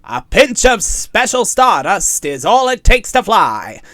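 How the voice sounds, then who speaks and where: A man putting on a booming old-time radio announcer. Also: sing-song, takes it slowly, a bit bright, no echo, studio quality, full character voice. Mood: grandiose. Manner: booming, showy ad-read delivery.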